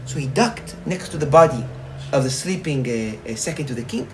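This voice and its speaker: A man, a rabbi, telling a parable in a sermon, animated, repeating phrases and restarting often. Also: medium pitch, normal speed, slight background noise, rough recording. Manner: animated, repetitive, frequent restarts. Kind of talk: storytelling sermon.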